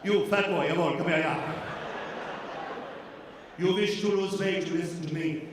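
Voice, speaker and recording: A sly, tempting tub of ice cream, voiced by a man who drops into a low, wheedling coax. It sounds far from the mic in a long, echoey theater hall, with crowd noise clearly heard underneath. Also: unhurried.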